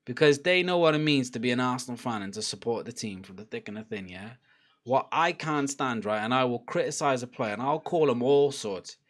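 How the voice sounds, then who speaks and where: A man's voice: medium pitch, animated, fairly quick, a bit bright. A young man giving a casual live reaction to a football match, chatty and laughing, swearing and urging on the players. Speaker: football watchalong streamer.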